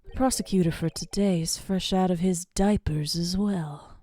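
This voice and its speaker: A woman's voice: lowish voice, steady tone, moderate pace, mellow, natural voice. A woman doing a teasing older mentor lawyer.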